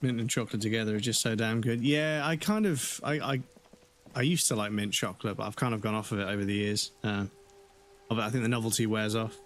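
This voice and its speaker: A man's voice: fairly low pitch, brisk. A man from the UK giving casual, rambling commentary while live-streaming a game, with many hesitations.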